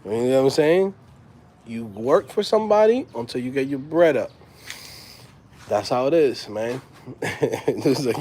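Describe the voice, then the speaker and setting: Male host, thirties, relaxed slang-heavy banter with frequent laughter, slightly raised pitch. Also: normal speed. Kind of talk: casual chat.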